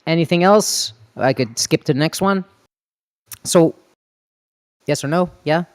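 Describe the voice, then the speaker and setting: A man from Canada hosting a casual gaming podcast, upbeat, laughing often and firing off quick questions. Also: a little high. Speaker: podcast host.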